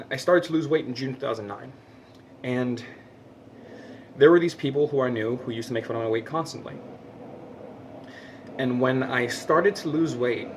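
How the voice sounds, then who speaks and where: A man's voice: mid-range voice, noisy background. A young man giving a heartfelt personal monologue to camera, passionate and emotional, swearing often and tripping over repeated words. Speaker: vlogger.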